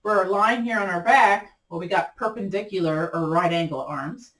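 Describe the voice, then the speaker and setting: A woman teaching a gentle yoga class, giving encouraging, chatty cues and repeating them often, her voice cracking a little. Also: mid-range voice, normal speed, echoey room, far from the mic. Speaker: yoga instructor. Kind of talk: guided yoga class instruction.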